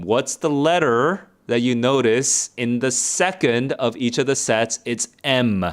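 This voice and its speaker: Guy tutor on a livestream, casual, mid voice, repeats stuff slow, answers chat. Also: mid-range voice. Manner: chatty, repeats drills slowly, answers live chat. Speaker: SAT tutor.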